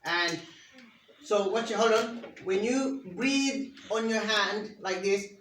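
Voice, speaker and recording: A patient teacher runs an interactive classroom lesson, putting questions to pupils and modelling each sound for them to say back. The voice sits at a middle pitch and is caught from a distance in a roomy classroom. A faint hiss of noise runs underneath. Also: slow, fairly bright tone.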